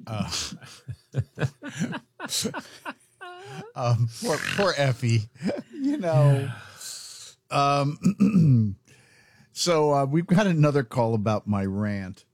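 A man's voice: medium pitch, sing-song, very slow, long pauses, darkish tone, no room sound, studio quality. A man co-hosting a radio talk show, ranting in exasperation with sudden outbursts.

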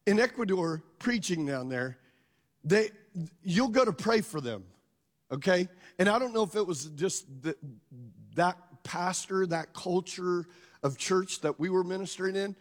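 A man preaching a sermon with an unusually high voice for a man, his words trailing off in a long hall reverb. He mixes scripture with jokes and stories and keeps calling on the congregation to answer back. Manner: call-and-response with the congregation, asking them to answer aloud; conversational, jokes and stories mixed with scripture reading. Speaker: pastor.

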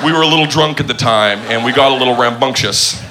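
A man doing a stand-up routine, loud and mocking, building up to shouts. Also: medium pitch, fast. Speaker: stand-up comedian. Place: comedy stage before a live audience. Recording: noisy live show with crowd laughter. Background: audience laughing.

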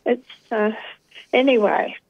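Older lady calling in to talk radio, fairly high voice, lots of ums, muffled line. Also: slow pace, vocal fry. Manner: thoughtful, hesitant, frequent ums. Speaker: caller. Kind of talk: talkback radio call. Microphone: phone line. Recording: dull phone-line sound.

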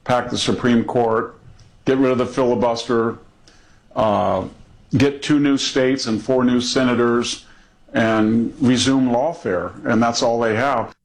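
A male television guest gives measured political commentary. He works through his points one by one in a calm, steady voice. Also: medium pitch, rough recording. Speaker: TV interview guest.

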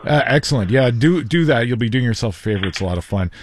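A man's voice: mid-range voice, animated, slight background noise. A man hosting a call-in radio show, upbeat and chatty, taking callers in a studio. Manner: upbeat, chatty, quick laughs. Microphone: studio mic.

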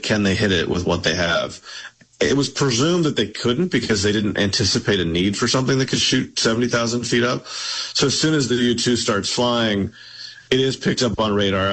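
A man's voice: lowish voice, a bit bright, poor audio. A man, an author guest on a radio interview, explaining things at length with frequent restarts.

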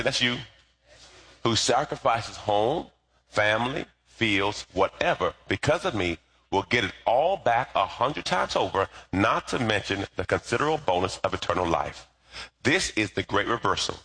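A man preaching a sermon as pastor, lively and colloquial, with asides to the congregation. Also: fairly low pitch, moderate pace, husky.

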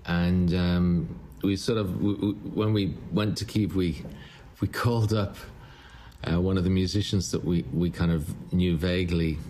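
A man, a musician, telling a story in an interview, halting and repeating words as he goes. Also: deep voice, steady tone, mellow, slight background noise. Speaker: musician guest.

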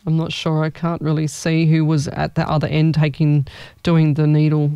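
A woman's voice: low-pitched, completely flat delivery, normal speed, mellow, clear, resonant tone, no echo. A woman medium chatting casually with her audience, rambling through stories and laughing often. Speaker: psychic medium hosting a live session. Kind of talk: casual live chat.

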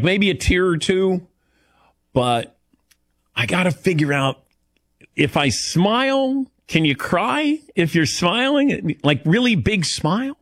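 A middle-aged man hosts a call-in talk show, his pitch swinging widely as he rambles and pokes fun at himself. The sound is dry and close, with little room around his voice. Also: no room sound. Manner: self-deprecating, rambling, animated. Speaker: radio show host. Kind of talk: casual call-in chat.

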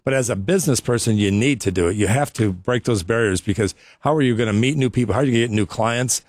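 A man's voice: medium pitch, fast, darkish tone, dry recording, studio quality. A man hosting a radio show, chatting casually and laughing often.

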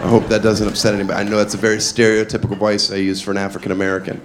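A man performing a stand-up comedy set, mock-earnest and deadpan, with playful asides. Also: lowish voice, racing. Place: comedy club stage with audience. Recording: live club, audience laughter and noise.

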